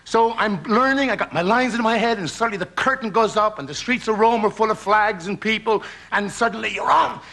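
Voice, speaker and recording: A man with an Irish accent, a talk show guest from Ireland, telling a story in an animated, theatrical way and laughing through his words. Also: sits high, brisk, vocal fry, hardly any pauses. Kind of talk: lively anecdote on a talk show. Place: television studio with audience.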